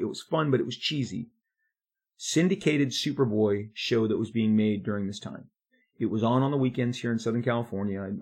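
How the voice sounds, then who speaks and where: A middle-aged man, a comic book artist, recounting his career in an animated, confiding monologue with frequent restarts. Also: medium pitch, breathy edge. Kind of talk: storytelling monologue.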